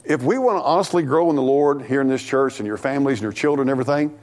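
Talking very fast in a mid-range voice, a pastor gives a folksy, energetic sermon at church. He converses with the congregation throughout and laughs with them.

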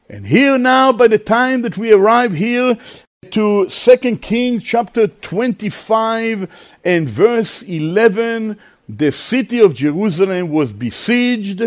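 A man preaching a sermon and reading scripture aloud, slow and emphatic, drawling out words and swinging sharply between high and low. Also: lively intonation.

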